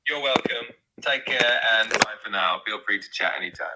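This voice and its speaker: A male-sounding AI voice assistant with a British received pronunciation accent, chatting in a smooth, agreeable, reassuring way. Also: fairly low pitch, moderate pace, background noise. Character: upbeat male AI chat assistant. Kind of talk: conversational AI chat.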